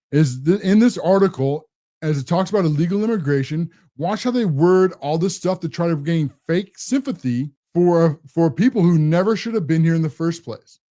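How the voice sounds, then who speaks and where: A man's voice: on the high side, dark tone. A man hosting a political commentary show, combative and sarcastic, often repeating and restarting his words. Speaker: host.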